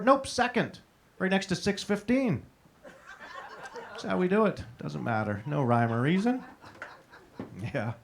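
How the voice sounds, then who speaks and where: A man's voice: on the high side, a bit bright. Crude, chatty male stand-up comic. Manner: crude, conversational, chatting with the crowd. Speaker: stand-up comedian. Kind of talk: stand-up comedy set. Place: comedy showroom stage. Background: audience laughter.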